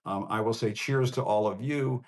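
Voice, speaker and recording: A man's voice: fairly low pitch, moderate pace. A man from Northern Virginia hosting a live show, signing off in a conversational, rambling, personal way. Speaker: host. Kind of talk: casual livestream sign-off.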